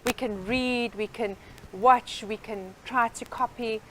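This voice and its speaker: A woman's voice: on the high side, steady tone, slow, slight background noise, rough recording. A woman guest on a talk show, a life coach explaining her ideas earnestly with sayings and metaphors. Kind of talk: interview.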